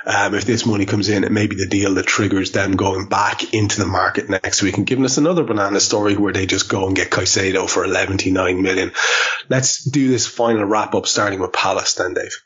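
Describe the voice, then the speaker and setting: Husky low-voiced man hosting a podcast. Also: steady tone, fairly quick, a bit bright, muffled recording. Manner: hesitant, many fillers. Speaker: podcast co-host. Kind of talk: casual football podcast chat.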